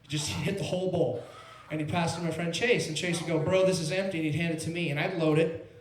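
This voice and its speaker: A man's voice: on the high side, fairly even intonation, quick pace. A young man doing stand-up at an open mic in a small club, telling a rambling, laid-back story full of "like" and "bro". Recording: roomy club sound.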